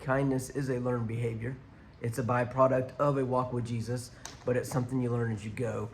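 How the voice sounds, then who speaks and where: A man's voice: mid-range voice, little pitch movement, fairly quick, creaky, slight background noise. A man preaching a conversational sermon to viewers watching online, speaking through a church sound system. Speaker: pastor.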